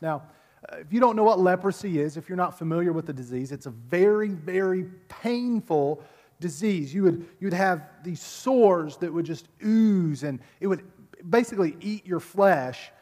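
A man's voice: sits high, expressive, moderate pace, mellow. A pastor preaching a sermon at a church service in a casual, conversational way, often repeating words as he builds a point. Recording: long reverb of a large hall.

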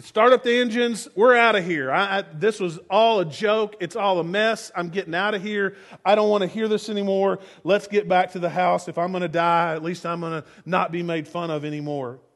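A man's voice: high voice, steady tone, normal speed, few pauses, fairly bright tone. A man voicing a proud foreign army commander who rants in a huffy, self-important way. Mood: indignant.

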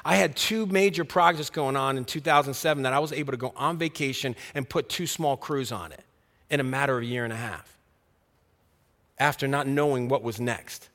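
A man preaching a sermon, telling his own story and acting out the dialogue, earnest and dropping soft on key words. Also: medium pitch, a little fast, big-room sound. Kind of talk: sermon with personal testimony.

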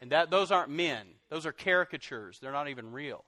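A middle-aged pastor preaches in an animated way, bursting out loudly and then dropping to soft, confessional tones. His voice sits a little high for a man. The recording is dry and close, with little room sound. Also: a little fast, no echo, some chatter behind. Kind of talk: sermon.

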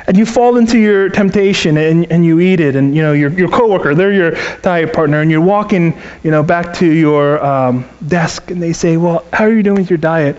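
A man's voice: on the high side, normal speed, few pauses, highs cut off. A man preaching a sermon as a pastor, storytelling and acting out the voices he quotes. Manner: animated, acts out quoted voices.

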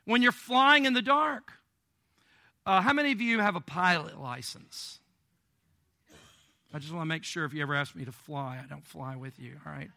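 A man preaching a sermon as a pastor, in a conversational way with humorous asides, swinging between emphatic and quiet delivery. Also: a little high, moderate pace, vocal fry, pauses often, no echo. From Illinois.

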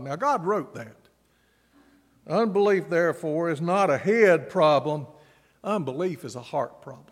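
A middle-aged male pastor preaching a sermon, telling stories and repeating key phrases for emphasis. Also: fairly high pitch. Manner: storytelling preacher, dramatic pauses and emphatic repetition. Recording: long reverb of a large church hall.

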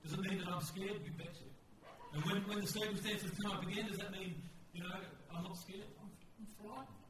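A man's voice: sits high, fairly even intonation, a little fast, fairly bright tone. A man preaching a storytelling sermon, candid and conversational, often restarting his sentences. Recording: echoey hall, distant mic, faint noise.

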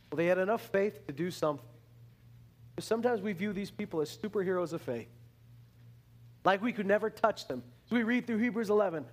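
High pitched guy preaching a sermon, animated, keeps restarting lines. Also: fairly quick. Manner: animated, acts out the complaining Israelites in a higher voice; repeats words and restarts phrases.

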